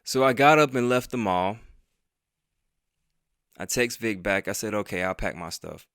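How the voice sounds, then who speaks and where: In a dry, clean studio recording, a man with a fairly low, fairly bright, clear and resonant voice recounts something that happened to him. He's a vlogger and podcaster, and he keeps it conversational and profane, quoting the dialogue and performing each line.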